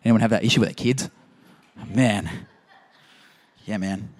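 A man's voice: fairly low pitch, unhurried. A man preaching a sermon in a conversational, emphatic way, full of rhetorical questions. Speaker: pastor.

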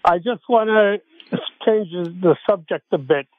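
A man calling into a radio show for the first time, polite and measured. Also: high voice, phone-quality sound. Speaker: caller. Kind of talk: call-in radio talk. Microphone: phone line.

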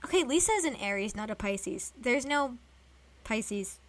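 A young woman with a slightly high voice, talking in an animated, rambling way. She gushes like an excited fan in casual podcast chat. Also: moderate pace.

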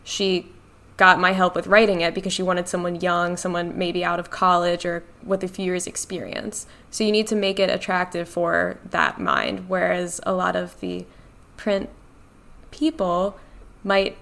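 A woman's voice: lowish voice, unhurried, vocal fry, a bit bright. A young woman, a guest in an interview, talking in a chatty, upbeat way, saying "like" a lot and laughing easily. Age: young adult. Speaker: guest in business development. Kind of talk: casual interview chat.

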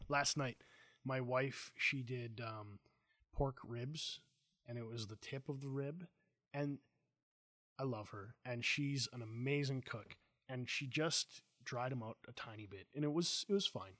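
A middle-aged man hosting a casual chat, telling lively family stories and acting out what people said. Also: mid-range voice, a little slow, no room sound, clean studio sound. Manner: animated storyteller, acts out quotes. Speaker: host.

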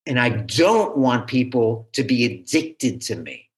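Slow-talking man, animated guest. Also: medium pitch. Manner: animated, halting, restarts often. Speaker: guest teacher. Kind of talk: conversational interview.

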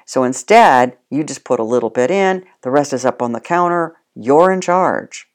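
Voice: mid-range voice, lively intonation, moderate pace. A dog trainer giving casual spoken instruction, plain-spoken and addressing the listener directly.

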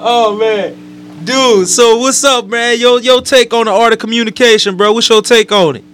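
A man's voice: very high-pitched, moderate pace, fairly bright tone, soft background music. Laid-back man hosting a radio show. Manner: laid-back, laughing, asks questions. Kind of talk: casual radio talk.

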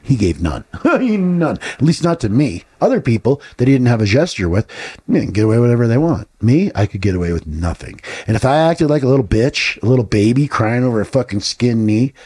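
Man, podcast co-host, casual talk, blunt, profane, husky, lively pitch. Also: brisk. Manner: blunt, profane, rhetorical questions.

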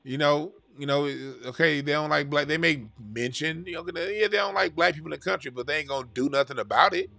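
Man, fairly high pitch, gravelly fry, animated and profane, faint music behind. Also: quick pace, few pauses. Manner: animated, profane, mocks other music with sung sounds. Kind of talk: casual heated chat.

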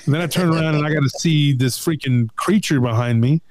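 A middle-aged man in casual conversation, retelling a story with lively acted-out quotes. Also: a little high, a little fast, no room sound. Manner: animated retelling, acts out quoted voices.

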